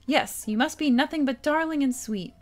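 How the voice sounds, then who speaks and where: A woman's voice: high voice, normal speed, faint music behind, voice pushed up, natural voice. A woman voicing doting, scheming older village women from a video game, in a sweet teasing manner. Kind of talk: reading game dialogue aloud.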